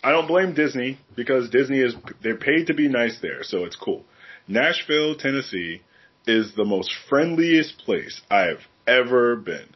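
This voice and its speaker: Medium-pitched and husky, this man speaks at a measured pace while co-hosting a podcast. His casual storytelling is frank, animated and full of swearing, recorded with lo-fi sound.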